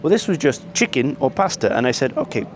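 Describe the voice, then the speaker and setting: A man's voice: mid-range voice, very animated, brisk, slight background noise. A man, telling a rambling travel story to camera and complaining at length, with frequent ums and restarts. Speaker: travel vlogger.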